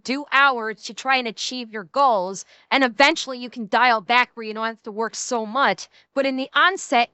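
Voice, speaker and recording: Brief: woman streamer, blunt and cursing, high bright voice, dry close sound. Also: smooth, dry recording. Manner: blunt, profane, ranting. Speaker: streamer reacting to a video. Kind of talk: casual reaction commentary.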